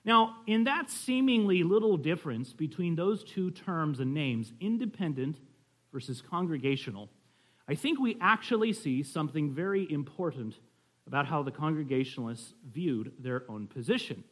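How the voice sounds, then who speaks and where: A man's voice: on the high side, lively intonation, normal speed. A man teaching a class on church history in a conversational way, telling stories and often checking in with his listeners. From California.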